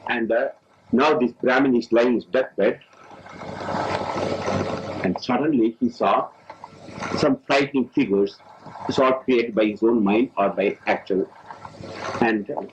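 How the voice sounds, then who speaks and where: A man's voice: medium pitch, noisy background. Man giving a spiritual talk. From India. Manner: lively storyteller, halting with restarts. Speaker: spiritual teacher. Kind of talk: spiritual lecture with storytelling. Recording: dull old lecture tape.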